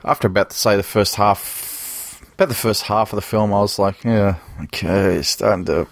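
A man's voice: fairly low pitch, moderate pace, no echo. A man co-hosting a casual film podcast, rambling and making crude jokes. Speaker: podcast co-host.

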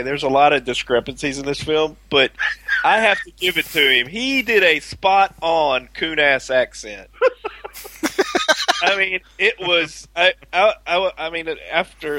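Man, chatty restarts, animated pitch, slightly high voice. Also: moderate pace, no echo. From Louisiana. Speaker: podcast co-host. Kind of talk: casual film chat.

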